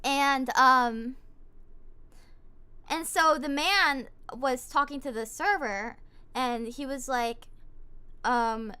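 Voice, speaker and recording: A young woman streamer telling a story in casual chat, animated and indignant, with lots of fillers. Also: sits high, extremely slow, long pauses, smooth.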